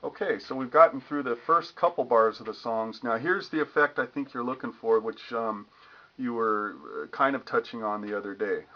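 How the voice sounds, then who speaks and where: Relaxed man teaching guitar, lo-fi. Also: medium pitch, moderate pace. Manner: relaxed, demonstrative, hums strum rhythms. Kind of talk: casual guitar lesson. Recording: lo-fi with guitar playing.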